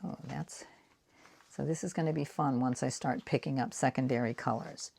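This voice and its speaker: A woman's voice: extremely low pitch, fairly even intonation, moderate pace, vocal fry, a little mellow, a little hiss or hum. A woman in her sixties with a Boston accent, chatting casually and rambling while she makes art prints. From Boston area. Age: 60s. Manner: rambling, self-deprecating, talks while painting. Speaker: art vlogger. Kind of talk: casual craft chat while working.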